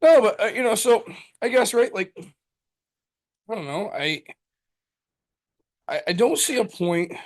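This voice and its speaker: Rambling, profane man with a higher voice. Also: expressive, a little slow, long pauses. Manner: rambling, profane, lots of fillers. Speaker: podcast co-host. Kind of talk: casual chat.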